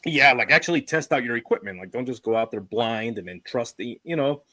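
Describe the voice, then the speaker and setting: A man hosting a podcast in casual chat, telling stories in an animated way and swearing freely. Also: medium pitch, fairly quick, dry recording. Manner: animated storyteller, acts out quotes in put-on voices; swears casually, many fillers. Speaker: podcast host.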